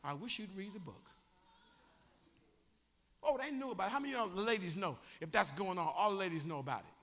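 A man preaching a sermon as bishop, swinging from shouting to chatty asides. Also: high-pitched, animated, fairly quick, big-room sound. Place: church sanctuary.

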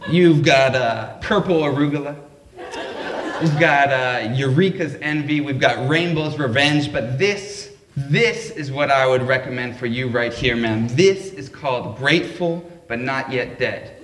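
A man's voice: mid-range voice, unhurried, fairly bright tone, far from the mic, slight background noise, lightly acted. A man doing a laid-back hipster pot-shop clerk. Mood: salesy. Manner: easygoing salesman patter. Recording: echoey live room.

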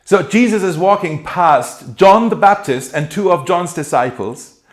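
Animated, playful male pastor. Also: high-pitched, a little slow, faint music behind. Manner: animated, playful, acts out quotes with laughs. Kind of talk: sermon.

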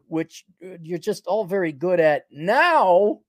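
A man's voice: sits high, big pitch swings, a little slow, few pauses, no room sound, clean studio sound. A middle-aged man hosting his own podcast, talking in a rambling, sarcastic, opinionated monologue full of restarts and chuckles. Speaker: podcast host.

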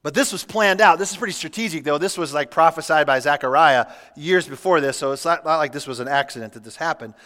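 A man preaching a sermon as pastor, reading scripture aloud and adding relaxed, humorous asides. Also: a little high, fast talker, few pauses. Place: church sanctuary. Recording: church hall with long reverb.

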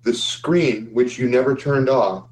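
A man acting as game master, describing scenes in a steady storytelling way. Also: mid-range voice, measured pace, low-quality recording. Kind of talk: narrating a tabletop game.

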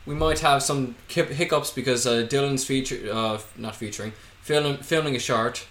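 A man's voice: mid-range voice, normal speed, fairly bright tone, roomy sound. An Irish man co-hosting a podcast, talking in a dry, offhand, casual way. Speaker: podcast co-host, filmmaker. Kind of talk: casual chat.

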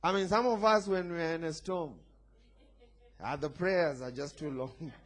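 High-pitched guy preaching, punchy and emphatic, gets the crowd to shout back. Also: a little slow. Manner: emphatic preaching with call-and-response. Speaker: pastor. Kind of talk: sermon.

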